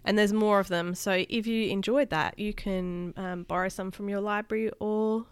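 A woman reading a children's chapter book aloud to a child as a teacher, animated and doing sound effects. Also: mid-range voice, normal speed, clean tone, dry recording.

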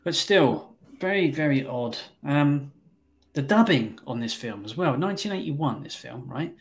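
A man's voice: on the high side, expressive, a little slow. A man hosting a film review podcast, chatting casually with blunt, sweary remarks. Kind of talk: casual chat.

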